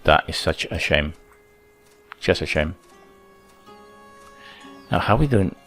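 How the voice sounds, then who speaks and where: A deep-voiced gameplay channel host chats through casual let's-play commentary, thinking aloud and counting workers under his breath. He's animated but slow, his voice a bit bright, with faint music behind.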